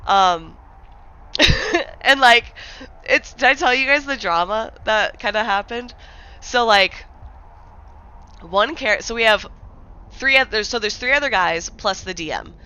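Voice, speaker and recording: Young midwest girl streaming, super rambly, likes everywhere, bright tone, kinda muffled audio. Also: mid-range voice, clear, resonant tone. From American Midwest. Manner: rambling, filler-heavy, many likes and restarts. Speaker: livestreamer. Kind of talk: casual livestream chat.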